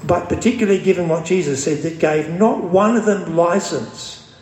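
A man preaching a sermon, emphatic and slowing down to stress quoted scripture. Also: high voice, a little mellow, reverberant, poor audio.

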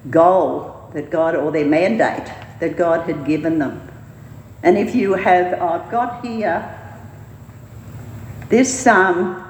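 A woman's voice: lowish voice, darkish tone, a little hiss or hum. A woman giving an informal sermon at a church meeting. She rambles and hesitates, with many fillers and restarts. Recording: roomy hall reverb, faint ambience.

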